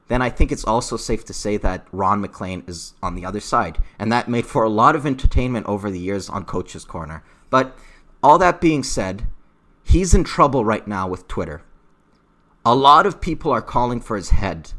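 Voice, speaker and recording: A man giving an unscripted, emotional opinion rant about hockey, growing heated. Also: mid-range voice. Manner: heated, emotional, rising to shouting. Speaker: hockey commentary vlogger.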